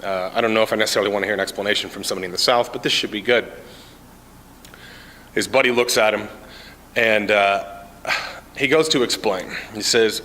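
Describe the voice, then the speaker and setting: Bright-voiced man doing stand-up. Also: fairly low pitch, quick pace. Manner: casual, many "uh" fillers, deadpan asides. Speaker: amateur stand-up comic, Army sergeant. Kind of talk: stand-up comedy storytelling. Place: common area of a building, indoors. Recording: reverberant indoor room.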